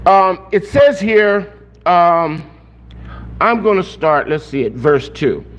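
A man's voice: sits high, animated, slow pace, a bit bright. A man preaching a sermon as pastor, in a conversational way that restarts and repeats phrases.

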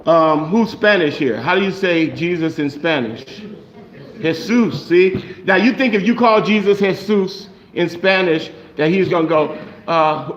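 A man's voice: sits high, moderate pace, few pauses, highs cut off. A man preaching a sermon in a conversational way, checking in with the congregation with frequent "okay?". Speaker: pastor.

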